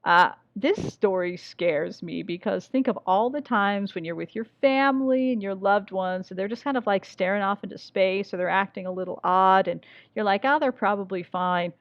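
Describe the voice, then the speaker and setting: A woman's voice: mid-range voice, moderate pace, no echo, lo-fi sound. A woman teaching a literature class, talking casually, asking rhetorical questions and reading passages aloud. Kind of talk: recorded class lecture with read-aloud passages.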